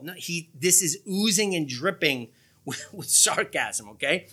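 A man preaching a sermon to a church congregation, animated and leaning into sarcastic emphasis, with quick asides to the crowd. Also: medium pitch, slightly rough.

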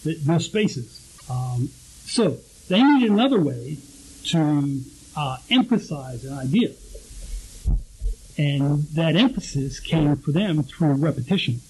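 A man's voice: fairly high pitch, mellow, slight background noise, low-quality recording. A male pastor giving a conversational teaching sermon, often restarting and repeating words as he explains.

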